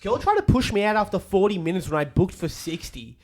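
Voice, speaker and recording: High-voiced man joking around. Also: big pitch swings, fairly quick. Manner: laughing, crude banter. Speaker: podcast co-host. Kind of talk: casual chat.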